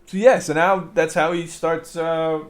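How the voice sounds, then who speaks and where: A man's voice: a little high, flat delivery, a little slow, roomy sound. A man co-hosting a podcast, recapping a TV show in a casual, profane chat and laughing often. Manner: profane, laughing, acts out characters' lines. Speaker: podcast co-host.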